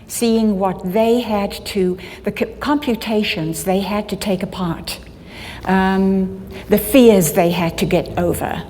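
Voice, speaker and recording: An older woman speaking at a conference, telling a personal story in a halting way, often restarting her sentences. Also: medium pitch, steady tone, dark tone. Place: conference hall. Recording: long hall reverb, faint background noise.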